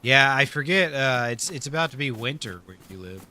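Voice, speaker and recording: A man's voice: mid-range voice, expressive, brisk, sharp tone. A man live-streaming a survival game, chatting casually with his viewers, laid-back, laughing often and swearing freely.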